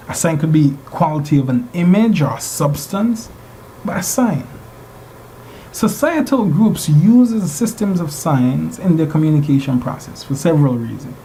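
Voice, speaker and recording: A man's voice: a little high, warm tone, a little hiss or hum, poor audio. A man teaching a class, lecturing and regularly putting rhetorical questions to his students. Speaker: instructor.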